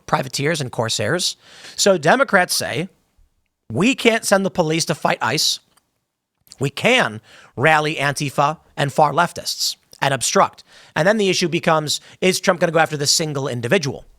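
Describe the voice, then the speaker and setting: Man, political commentary, high-pitched, forceful, emphatic, repeats words. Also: animated, normal speed, dry recording, studio quality. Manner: emphatic, stumbles and repeats words, acts out quotes.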